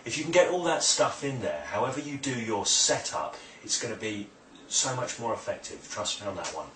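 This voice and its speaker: A man's voice: mid-range voice, expressive, brisk, fairly bright tone, distant mic, slight background noise. A man giving a spoken video lesson, explaining and coaching with emphatic repetition. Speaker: hypnosis instructor. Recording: roomy sound, voice away from the mic.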